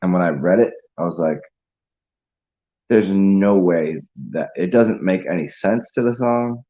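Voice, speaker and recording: Low husky guy rambling and laughing on a lo-fi stream, casual beer chat. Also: a little fast, mellow. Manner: rambling, laughing, drinking beer and chatting with viewers. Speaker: livestream host.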